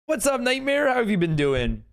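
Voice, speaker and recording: Animated, chatty male game streamer. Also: very high-pitched, moderate pace. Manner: chatty, laughing often, reading chat aloud. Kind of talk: casual live stream chat.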